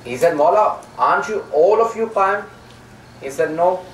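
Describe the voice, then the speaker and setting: A man's voice: high-pitched, moderate pace, far from the mic, slight background noise. A man giving a religious lecture, telling stories with quoted dialogue and many fillers. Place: lecture hall. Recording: echoey hall, recorded from afar.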